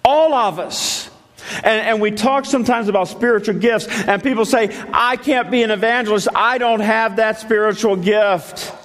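A man's voice: high voice, fairly even intonation, normal speed, hardly any pauses, a bit bright, big-room sound. A man preaching a sermon to his congregation, reading scripture and building to emphatic calls, with light self-deprecating asides. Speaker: pastor.

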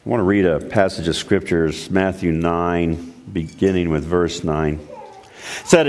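A man's voice: deep voice, steady tone, a little slow, darkish tone, big-room sound. A man preaching a sermon to his congregation, reading scripture and building to emphatic calls, with light self-deprecating asides. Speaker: pastor.

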